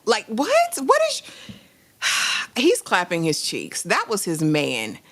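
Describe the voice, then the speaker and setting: Woman cohost going "like, what?" about a show, mid pitch but voice bounces a lot. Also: wildly swooping pitch, slow pace, a bit bright. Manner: incredulous, laughing, quotes characters. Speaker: podcast co-host. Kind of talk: casual TV recap chat.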